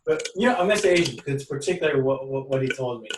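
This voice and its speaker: A man's voice: medium pitch, animated, very fast, a little hiss or hum. Roomy, distant man telling a rambling story. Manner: rambling storyteller with many restarts and quoted dialogue. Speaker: podcast guest. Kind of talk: casual podcast conversation.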